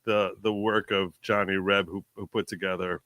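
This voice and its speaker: Bright-voiced male streamer reading chat. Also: low voice, flat delivery, dry recording. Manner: reads viewer jokes aloud with quick reactions. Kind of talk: casual live-stream chat.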